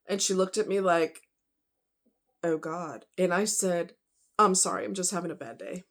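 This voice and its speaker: A woman's voice: on the low side, fairly even intonation, moderate pace. A woman telling a painful personal story off the cuff, emotional and rambling, with many fillers.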